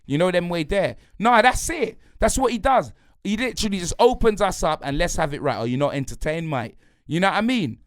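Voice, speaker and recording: A man's voice: high voice, expressive, a little fast, no room sound. Brief: angry man mid-rant, slangy and repetitive, dry close sound. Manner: heated, slangy, repetitive, punctuates lines with "blood" and "fam". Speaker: football fan pundit.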